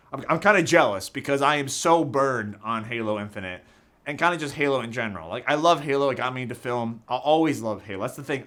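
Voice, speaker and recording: A young man vents in a bright, forceful voice that sits a little high for a man. He talks with raw emotion and heavy swearing, and he often stops and restarts his sentences. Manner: heated, profane, emotional, with frequent restarts. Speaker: gaming commentator. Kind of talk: passionate rant.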